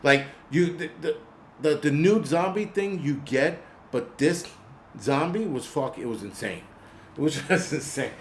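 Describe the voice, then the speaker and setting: A man's voice: fairly high pitch, unhurried, slight background noise. A man hosting his own channel, ranting casually with heavy swearing and frequent laughter. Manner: profane, animated, laughs often. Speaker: channel host. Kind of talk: casual unscripted rant.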